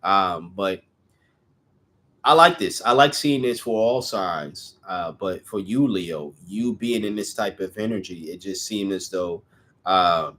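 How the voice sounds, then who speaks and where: A man's voice: low voice, slow, fairly bright tone. A young man giving a casual tarot reading, chatty and rambling, who sometimes stumbles over his words. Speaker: tarot reader.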